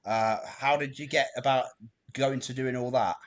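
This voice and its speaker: A man's voice: mid-range voice, fairly even intonation, moderate pace. A man hosting a casual podcast chat, hesitant, with many fillers and restarts. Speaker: podcast host.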